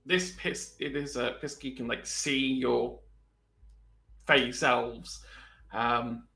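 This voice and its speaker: A man narrating a tabletop role-playing game as game master, hesitant and full of pauses. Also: mid-range voice, fairly even intonation, vocal fry, bright, forceful tone, echoey room, rough recording. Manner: hesitant, many ums, puts on quick voices for characters.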